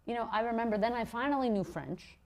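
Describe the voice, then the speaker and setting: A woman's voice: fairly high pitch, fast talker. A woman from Montreal, chatting as a podcast guest and telling stories with lots of restarts and swearing. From Montreal, Canada. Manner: animated storytelling, swearing, frequent restarts. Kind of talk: casual chat.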